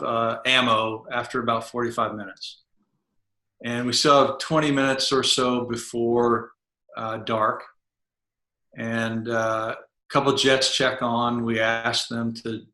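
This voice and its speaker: Bright-voiced man telling a war story. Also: medium pitch, roomy sound. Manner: vivid first-person storytelling, acting out dialogue. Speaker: podcast guest, former Navy SEAL chief. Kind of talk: storytelling in an interview.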